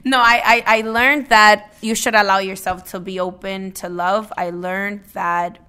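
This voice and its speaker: A woman's voice: mid-range voice, steady tone, unhurried, bright, forceful tone, smooth. A woman co-hosting a podcast, chatting candidly and often restarting her words. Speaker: podcast co-host. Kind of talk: casual chat.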